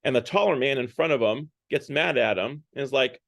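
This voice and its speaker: A man's voice: medium pitch, brisk, vocal fry, a bit bright, no room sound, studio quality. A man giving a casual Lent talk at a parish. He retells a story in a loose, conversational way, with plenty of fillers. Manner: conversational, loose, with many fillers and hedging words. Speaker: parish speaker.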